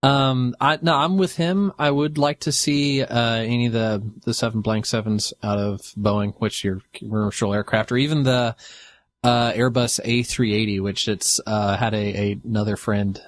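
A man co-hosting a podcast in casual chat, rambling and halting with lots of fillers. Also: mid-range voice, fairly even intonation, no room sound. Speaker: podcast co-host.

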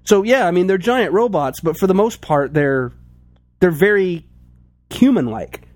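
A man with a fairly high voice talks loosely about old toys, circling back with lots of restarts and filler words. The sound is close and dry, with no room around him. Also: lively intonation, measured pace, a little mellow, dry recording. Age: adult, toy collector since childhood. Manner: rambling, many restarts and "like". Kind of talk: casual chat about toys.

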